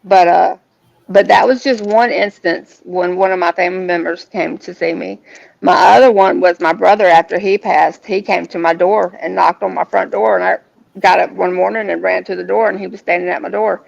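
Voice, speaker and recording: A woman tells a personal story as a guest. Her voice has a heavy gravelly fry. She speaks earnestly and haltingly, restarting her sentences, and the recording sounds dull and lo-fi. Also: lowish voice, steady tone.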